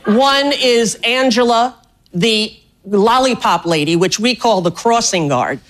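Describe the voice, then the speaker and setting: A middle-aged woman from New York City telling stand-up stories, chatty and animated, on a live stage. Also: on the high side, slow. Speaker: stand-up comedian. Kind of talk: stand-up comedy set. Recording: live stage with loud laughing crowd and room noise.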